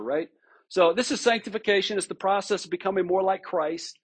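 A man with a fairly high voice preaches in a relaxed, conversational way. His tone is husky and a little breathy. He often restarts his phrases and checks in with the listeners. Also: a little fast. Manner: informal, with frequent restarts and rhetorical "right?". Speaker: pastor. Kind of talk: conversational sermon.

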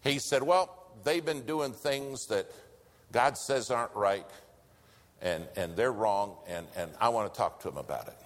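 A man preaching a sermon, telling a story and swinging between loud lines and hushed whispers. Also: lowish voice, animated, measured pace. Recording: long hall reverb.

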